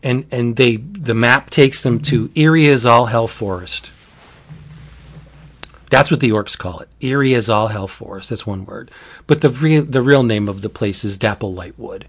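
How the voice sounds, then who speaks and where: A man's voice: mid-range voice, normal speed, slightly rough. A man casually recapping a book's plot, rambling, restarting often and laughing. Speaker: book reviewer. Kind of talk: casual chat.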